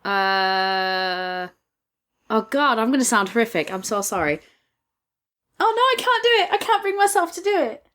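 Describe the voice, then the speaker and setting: A woman's voice: a little high, very animated, normal speed, a bit bright. A self-conscious woman player, apologetic and hesitant in casual banter. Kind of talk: casual tabletop game banter.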